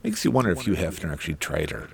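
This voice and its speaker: A middle-aged podcast host rambles through casual solo commentary, dropping irreverent, crude asides. His low, creaky voice swoops wildly in pitch and comes out rapid-fire.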